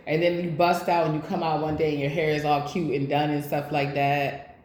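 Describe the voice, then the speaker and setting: A woman's voice: low-pitched, little pitch movement, fairly quick, a little mellow, slight background noise. A woman giving a casual tarot reading, speaking bluntly with plenty of swearing, straight to her viewers. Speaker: tarot reader. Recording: echoey room.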